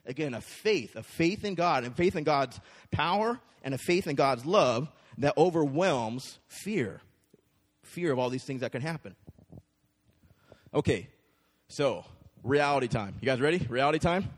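A man preaches to a congregation in a relaxed, conversational way, often checking in with his listeners. His voice sits a little high for a man. A long reverb from a large church hall hangs behind every phrase. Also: a little slow. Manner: conversational, checks in with the crowd with frequent "right?". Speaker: pastor. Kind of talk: sermon.

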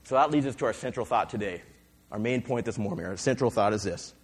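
A male pastor preaching a sermon, retelling scripture in a lively storytelling way and acting out the voices of the people he quotes. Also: lowish voice, fast talker, breathy edge. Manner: fillers and restarts.

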